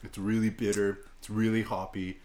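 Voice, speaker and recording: A man's voice: on the low side, normal speed, a crowd in the background. Easygoing man talking over beers. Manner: relaxed, describes beer taste. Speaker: podcast co-host. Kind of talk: casual drinking chat.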